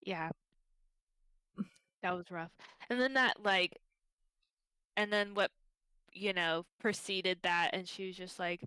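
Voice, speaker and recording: A woman's voice: lowish voice, fairly even intonation, slow, long pauses, sharp tone, clean tone, no echo. A young woman co-hosting a casual book club livestream, talking bluntly with lots of fillers and some swearing.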